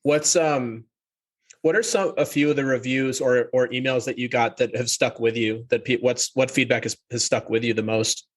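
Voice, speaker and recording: A man's voice: medium pitch, fairly even intonation, normal speed. A man hosting a podcast interview, asking rambling questions in a chatty, laughing way. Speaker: podcast host. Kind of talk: casual interview chat.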